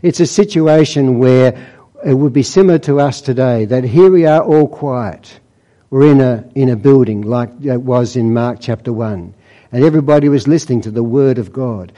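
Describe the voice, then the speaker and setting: A man's voice: medium pitch, normal speed, warm tone, low-quality recording. A man preaching a sermon in a church, telling Bible stories and quoting scripture with dramatic emphasis.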